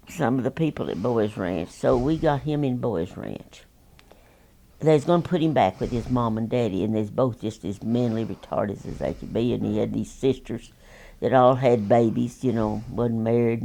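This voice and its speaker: A woman's voice: a bass voice, vocal fry, dark tone. Folksy woman in her nineties. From Texas. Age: 90s. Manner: folksy, rambling, plainspoken. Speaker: interviewee. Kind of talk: oral history storytelling.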